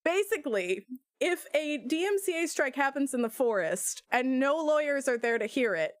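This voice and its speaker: A bubbly young woman streamer chats with her audience and giggles often. Her pitch sits fairly high and swings widely, and the sound is close and dry. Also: sing-song, normal speed, dry recording. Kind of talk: casual live-stream chat.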